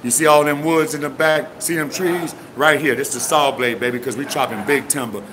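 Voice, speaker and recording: Bright, boastful man showing off gear. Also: medium pitch, steady tone, fairly quick, a little hiss or hum. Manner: boastful, directing others, repeats phrases. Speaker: custom airbrush painter showing his products. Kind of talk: casual on-camera demo. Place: outdoors near trees.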